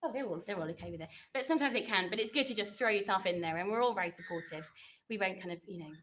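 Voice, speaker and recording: A woman's voice: mid-range voice, rapid-fire, fairly bright tone, a little hiss or hum. A woman secondary school French teacher giving a chatty, reassuring welcome talk to new pupils over a computer microphone from her classroom, with lots of fillers and restarts.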